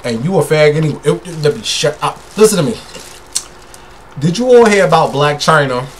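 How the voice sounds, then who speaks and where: A man's voice: fairly high pitch, expressive, a little fast, slight background noise. A man, a tipsy gossip vlogger talking in a sassy, brash, profane way straight to his viewers. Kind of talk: casual celebrity gossip rant.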